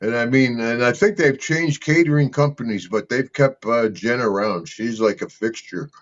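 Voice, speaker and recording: An older man spins loose, rambling anecdotes as an interview guest, often breaking into a laugh. His voice sits at an ordinary middle pitch. The recording sounds a little dull and lo-fi. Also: normal speed. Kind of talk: casual storytelling.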